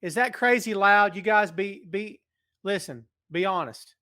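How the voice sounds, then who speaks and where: Animated man greeting chat viewers. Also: a little slow, no room sound, clean studio sound. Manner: greets chat viewers by name, teasing and high-spirited; serious, earnest appeal. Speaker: podcast host. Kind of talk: casual live-stream chat. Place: large empty building. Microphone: in front of a camera.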